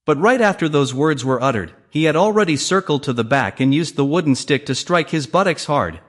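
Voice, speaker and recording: A man's voice: on the high side, expressive, fairly quick. A man narrating a comic story recap, reading all the characters' lines in his own voice.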